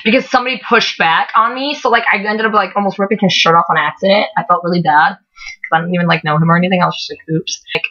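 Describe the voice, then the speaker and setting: A teenage girl talks fast and rambles through a story, dropping "like" and swear words constantly. Her voice is bright and a little sharp, and it comes through dull, lo-fi webcam audio. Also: lowish voice, fairly even intonation. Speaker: vlogger. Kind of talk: casual storytelling chat.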